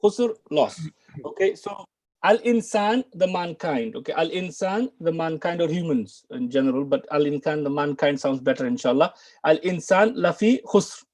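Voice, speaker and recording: A British man from the United Kingdom teaches Arabic and the Quran in an online lesson. His high-pitched voice has a dark tone, and he stresses key words and repeats phrases so learners can follow along in British English.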